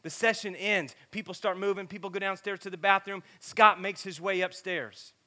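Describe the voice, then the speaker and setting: A man, preaching a sermon as an animated story, acting out the voices and swinging from hushed to loud. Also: high voice, moderate pace.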